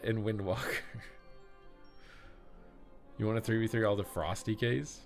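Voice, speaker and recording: A man casting a live esports broadcast, chatting with the stream chat and calling the action play by play. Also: lowish voice. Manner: excitable, chatty, reads out chat. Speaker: esports caster. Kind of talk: live game commentary.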